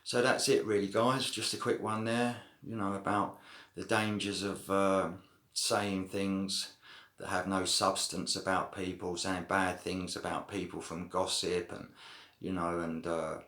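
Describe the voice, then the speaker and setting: Speaking a little slowly in a deep, level voice with a fairly bright tone, a man recounts his prison experiences on a vlog. His delivery is rambling and slangy, with swearing and constant "you know what I mean." The room echoes noticeably.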